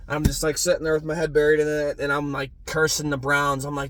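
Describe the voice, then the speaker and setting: Profane, excitable young man ranting. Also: normal speed, hardly any pauses. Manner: profane, excitable, swings from low mutter to loud yelling. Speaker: sports fan vlogger. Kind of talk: casual ranting vlog.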